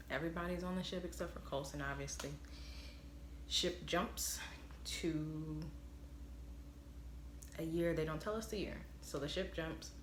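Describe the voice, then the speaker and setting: Low-voiced woman in a roomy space. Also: slight background noise. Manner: chatty, rambling, fond of "like" and "obviously". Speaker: vlogger recapping a TV episode. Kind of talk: casual spoiler recap. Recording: roomy echo.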